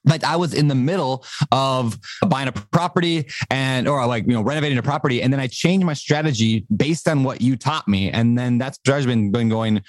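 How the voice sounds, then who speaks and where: A man's voice: mid-range voice, a little fast, few pauses, no room sound. Jokey, rambling male podcast host. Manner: jokey, rambling, self-deprecating. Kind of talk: casual podcast chat.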